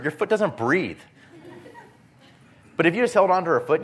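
Man preaching, animated storyteller. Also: a little high, normal speed, pauses often, husky. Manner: animated storytelling, acts out his own panic. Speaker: pastor. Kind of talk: sermon.

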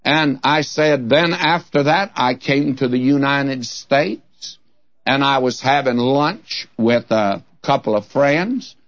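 A man preaching a Bible-teaching sermon in a folksy, humorous storytelling manner. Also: mid-range voice. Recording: dull, dry lo-fi recording.

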